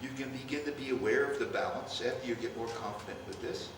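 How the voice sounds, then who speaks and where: An older man conducting a band rehearsal, coaching players and calling out cues in an animated way. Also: mid-range voice, fast talker. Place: large rehearsal hall. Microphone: distant room mic. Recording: far-off echoey hall, noisy.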